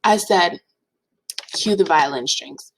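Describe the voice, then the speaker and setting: A young woman in her twenties telling a storytime in casual chat, animated and dramatic. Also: slow, rough recording. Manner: animated, dramatic, swings into playful high voices for quotes. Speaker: vlogger.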